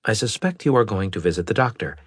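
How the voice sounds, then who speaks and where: A man voicing a polite male alien AI that speaks in a formal, measured, robotic way. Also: on the low side, expressive, slightly rough, no room sound, studio quality.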